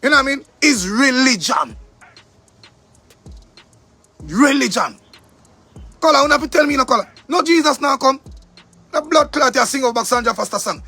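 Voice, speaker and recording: A man's voice: extremely high pitch, lively intonation, fast, creaky, sharp tone, soft background music. A man with a Jamaican accent delivering an angry, profane monologue rant, repeating himself for emphasis. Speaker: commentator.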